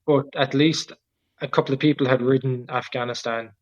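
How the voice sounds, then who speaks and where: A man in his thirties with an Irish accent, a guest cyclist telling his travel story in a relaxed, rambling way, full of "like" and "just". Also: mid-range voice, fairly quick, dull audio. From Ireland. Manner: rambling, filler-heavy, with frequent "like" and "just". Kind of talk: casual storytelling interview.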